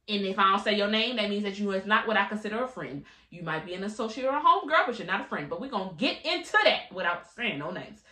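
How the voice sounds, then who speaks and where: Chatty bright-voiced woman in her late twenties. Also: mid-range voice, roomy sound. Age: late 20s. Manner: chatty, animated, slangy and candid. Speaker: podcast host. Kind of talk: casual solo podcast chat.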